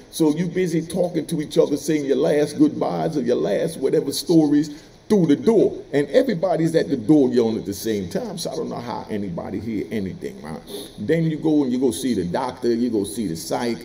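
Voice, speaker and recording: Brief: middle-aged man, ex-prisoner storyteller, gravelly, lively swings in pitch, casual street talk. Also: brisk. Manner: animated, streetwise, laughs while telling. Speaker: former prisoner telling stories.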